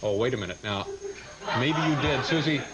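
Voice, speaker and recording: A man's voice: mid-range voice, lively intonation, normal speed. A man hosting a late-night comedy sketch, playing a flustered, fatherly scolder. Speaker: talk show host. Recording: noisy TV broadcast with loud studio audience.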